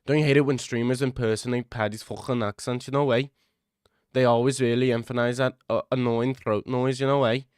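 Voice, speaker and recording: A man streaming in casual chat, reacting to viewers, excitable and profane, often repeating himself. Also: mid-range voice, brisk, clear, resonant tone, no echo, studio quality.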